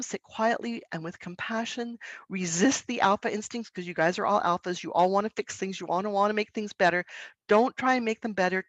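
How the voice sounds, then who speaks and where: A woman presenting an online webinar to school staff, speaking in an earnest, gentle, unhurried way with pauses. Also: medium pitch, no room sound.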